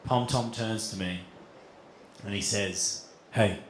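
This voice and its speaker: A man telling a long story on stage as a stand-up comedian, swearing freely and getting animated. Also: on the low side, slow pace, a little hiss or hum. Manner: animated, swearing, building to shouts.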